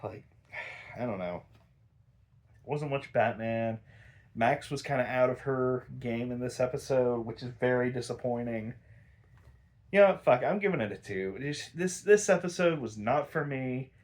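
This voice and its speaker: A man's voice: medium pitch, normal speed, darkish tone. A young man reviewing a cartoon episode in casual, rambling chat, swearing often, sighing and exasperated. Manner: sighs a lot, frequent fillers.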